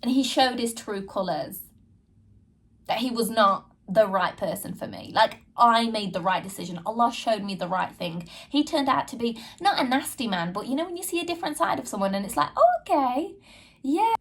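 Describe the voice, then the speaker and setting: A woman's voice: on the high side, animated, a little fast, slightly rough. A woman hosting a podcast, telling a personal story frankly and earnestly and addressing her listeners directly. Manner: frank and earnest, reenacting her own past dialogue. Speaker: podcast host.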